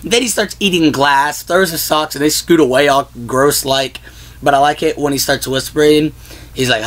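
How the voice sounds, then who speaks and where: A man's voice: fairly high pitch, moderate pace, a bit bright. A man hosting a casual vlog, chatting about movies in a rambling way full of "like" and "whatnot.". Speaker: vlog host. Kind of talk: casual movie-list chat.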